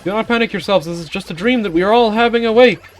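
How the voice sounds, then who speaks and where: A man's voice: high voice, quick pace, faint music behind, voice pushed up, lightly acted. A man voicing a pompous, vain male merchant captain from a video game, in grand, theatrical formal speech. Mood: pompous alarm. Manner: grandiose, theatrical, old-fashioned formal phrasing.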